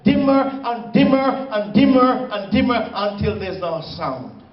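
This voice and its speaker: Slow dramatic preacher in an echoey church. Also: male voice, high-pitched, expressive. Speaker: pastor. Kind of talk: sermon. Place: church sanctuary. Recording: echoey, dull church recording from far off.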